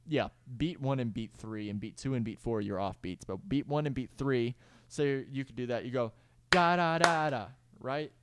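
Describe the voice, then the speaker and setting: A young producer with a dark, clean, medium-pitched voice speaks at a moderate pace over a clip-on mic. In this informal screen-recorded tutorial about his own music project, he meanders, self-corrects, drops fillers and occasionally sings rhythms aloud.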